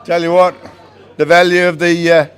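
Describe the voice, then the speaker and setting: A man's voice: a little high, flat delivery, normal speed, smooth. A man with an Australian accent running a charity auction in a club hall, calling bids and joking with the crowd. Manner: jovial, teasing the crowd with "mate" and "darling". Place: large function hall in a club.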